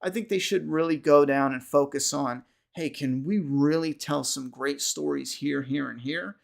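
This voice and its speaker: A man's voice: on the high side, normal speed, creaky. A man hosting a podcast livestream, chatting casually with viewers, rambling with frequent restarts and casual swearing. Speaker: podcast host.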